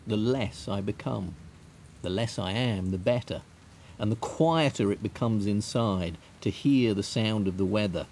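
A man from England, a writer narrating a scripted radio piece in a measured, reflective and wry way. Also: lowish voice, a little mellow, slight background noise.

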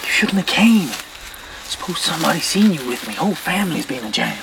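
A man's voice: very animated, a little fast, gravelly, noisy background. A man playing a tense, hunted young man. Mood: urgent. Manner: low urgent rural speech.

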